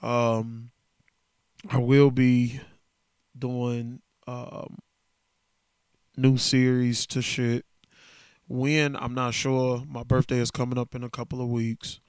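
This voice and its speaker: A man alone at a podcast mic, speaking in a loose, candid, slang-heavy way and sounding worn down. His voice comes across smooth and clean. The sound is close and dry, with no room around it. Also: medium pitch, flat delivery, slow pace, pauses often, darkish tone, no echo. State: emotional, worn down. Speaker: podcast host. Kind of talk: casual solo podcast monologue.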